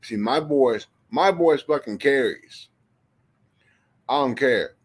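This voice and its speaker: A man's voice: medium pitch, takes it slowly. A man chatting casually on a livestream, rambling and swearing freely as he talks to viewers. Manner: rambling, profane and animated, talking to chat.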